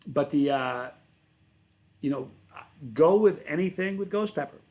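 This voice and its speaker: A man's voice: a little high, animated, a little slow, dull audio. A man hosting a livestream, reading chat messages and answering in a casual, rambling way, often correcting himself mid-sentence. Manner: rambling, self-correcting, friendly. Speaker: channel host reading live chat.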